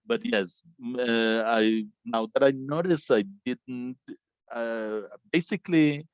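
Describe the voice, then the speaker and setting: A Colombian man, a native Spanish speaker, hosting an online academic discussion in English in a reflective, halting way. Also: medium pitch, smooth, no room sound. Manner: reflective, halting, many restarts. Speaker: conversation host. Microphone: video call.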